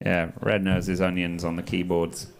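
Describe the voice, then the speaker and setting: A man's voice: deep voice, flat delivery, normal speed, gravelly. A man doing live comedy freestyle rap at a gig, bantering with the crowd and then rapping in rhythm. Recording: live beat under the voice. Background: live hip-hop beat.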